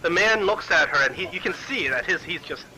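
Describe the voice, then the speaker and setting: A man narrating as game master of a tabletop game, telling the story quickly with frequent stumbles and restarts. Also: high voice, lively intonation, bright, forceful tone, poor audio.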